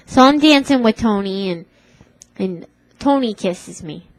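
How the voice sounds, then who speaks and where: A woman's voice: mid-range voice, lively intonation, measured pace, no room sound, poor audio. A woman in her twenties telling a comic story in a put-on Brooklyn accent, rambling and tough-talking. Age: 20s.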